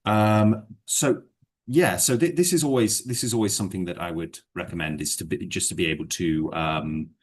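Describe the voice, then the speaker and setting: A man with a deep, low voice tutors a learner in a relaxed one-to-one lesson. He rambles and hedges, leaning on fillers, then settles into explaining with worked examples. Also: moderate pace. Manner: rambling, hedging, full of fillers. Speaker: English exam teacher.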